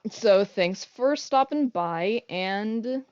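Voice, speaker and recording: A woman who is not a native English speaker chats through a game stream at an unhurried pace. She rambles, pokes fun at herself and swears offhandedly. The recording is slightly dull and lo-fi. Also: mid-range voice, animated, a little mellow, clear, resonant tone. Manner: rambling, self-mocking, swears casually. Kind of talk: casual game-stream chat.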